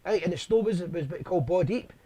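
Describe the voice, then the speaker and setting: A man's voice: high-pitched, lively intonation, fast talker, dark tone, slightly rough. A man hosting a casual chat, telling anecdotes and often adding "aye" and "right?". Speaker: host.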